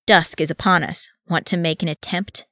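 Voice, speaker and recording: A woman voicing a proud, angry male dwarf warrior who speaks loud and forceful in dialect, recorded dry and close. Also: on the low side, steady tone, normal speed, no room sound. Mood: defiant.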